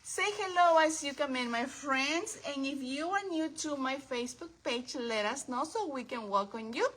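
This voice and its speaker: A woman hosting a casual craft livestream from her home craft table, chatting warmly with viewers by name and calling them her friends. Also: high-pitched, normal speed, low-quality recording.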